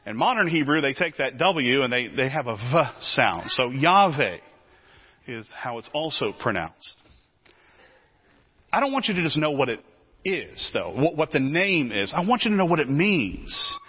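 A male preacher giving a teaching sermon, animated, often repeating words as he explains. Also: mid-range voice, normal speed, husky, dull audio.

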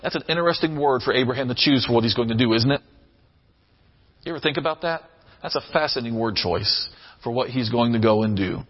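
A man's voice: medium pitch, fast talker, lo-fi sound. A man preaching a sermon, earnest and emphatic, repeating phrases for weight. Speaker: pastor.

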